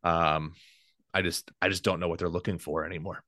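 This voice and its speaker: A man's voice: low-pitched, flat delivery, a little fast, pushed and bright, dry recording, clean studio sound. A man co-hosting a sports podcast, talking casually and rambling a bit, often correcting himself and laughing easily. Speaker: podcast co-host.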